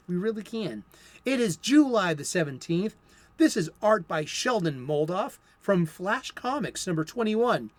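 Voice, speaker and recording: A man in his fifties who hosts a comic book show, talking in an opinionated, conversational monologue with some halting restarts. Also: high voice, no room sound. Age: 50s. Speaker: comic book video host. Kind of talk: casual monologue.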